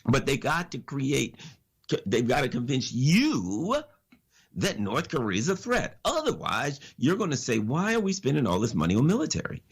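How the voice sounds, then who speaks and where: A man's voice: medium pitch, very animated, normal speed, breathy edge. A man giving an impassioned political commentary as a radio guest, preachy and full of rhetorical questions and repeated phrases.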